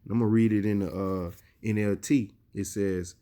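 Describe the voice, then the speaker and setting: A male preacher giving a sermon, reading scripture slowly and with emphasis, and often adding "you see". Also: on the low side, fairly even intonation, warm tone, clear, resonant tone.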